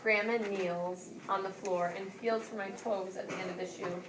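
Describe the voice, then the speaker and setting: A woman teaching a class and reading a children's story aloud, voicing the characters with lively lifts. She is picked up from across an echoey classroom, with a faint hum of room noise behind her. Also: mid-range voice, normal speed, distant mic. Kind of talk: classroom lesson with read-aloud.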